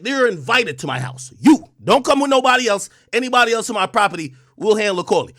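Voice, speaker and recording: A man on a livestream, ranting loudly and profanely at a rival, swinging between shouting and calmer talk. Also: sits high, fast, no room sound, clean studio sound. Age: adult under 45. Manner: loud, profane, combative, swings from shouting to calm. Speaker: streamer commentator. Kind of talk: heated livestream rant.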